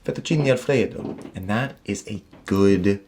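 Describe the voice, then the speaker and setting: Man, young adult, low voice, podcast co-host, casual chat, opinionated, self-correcting. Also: unhurried, a little mellow, a little hiss or hum.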